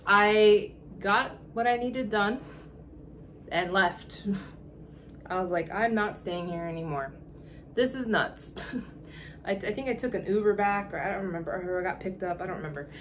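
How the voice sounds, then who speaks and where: A woman vlogger telling a casual, animated story in exasperated tones, often laughing and acting out the dialogue. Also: mid-range voice, normal speed, long pauses, a little hiss or hum.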